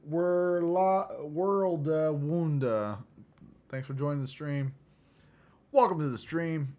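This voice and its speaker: A man hosting a casual livestream chat, loose and profane, who often clears his throat. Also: a little high, slow, a little mellow. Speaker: livestream host.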